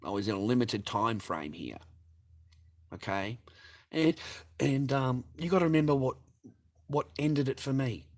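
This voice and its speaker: A middle-aged vlogger rants angrily to the camera about his marriage, swearing, sounding aggrieved and repeating himself. His voice is medium-pitched and a little slow, with long pauses.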